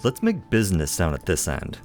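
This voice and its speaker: Faint music plays behind a let's play host whose low, slightly mellow voice swings hugely in pitch at a brisk pace. He chats playfully while gaming, talking to himself and mocking himself in a self-deprecating way.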